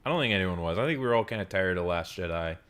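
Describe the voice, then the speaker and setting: A man riffing through a casual movie review, his fairly low voice leaping up and down as he gets worked up. He curses freely and stumbles through fillers and restarts, like a loose spoken rant. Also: rapid-fire. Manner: animated, profane ranting with frequent fillers. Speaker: film reviewer. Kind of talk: casual film review monologue.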